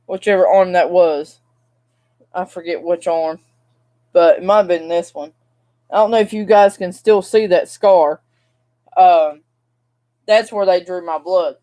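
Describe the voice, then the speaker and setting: A woman's voice: lowish voice, mellow. A young woman, venting to camera in a casual, rambling vlog rant. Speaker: vlogger.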